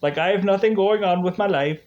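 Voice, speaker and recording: A man voicing a mopey, lazy male shopkeeper, whining and halting over his words. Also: sits high, a little mellow, pitched above the performer's own voice, lightly acted. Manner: whiny, halting, repeats "just". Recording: dull lo-fi recording.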